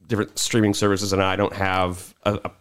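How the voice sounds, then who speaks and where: A man co-hosting a casual podcast, animated, with quick asides and casual swearing. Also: deep voice, smooth. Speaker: podcast co-host.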